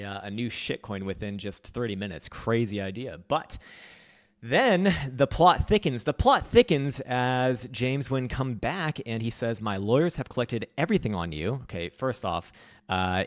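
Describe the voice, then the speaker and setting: A man hosting a crypto market show, ranting with profanity and loud outbursts, muttering while he fixes his setup. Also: lowish voice. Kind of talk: casual livestream commentary.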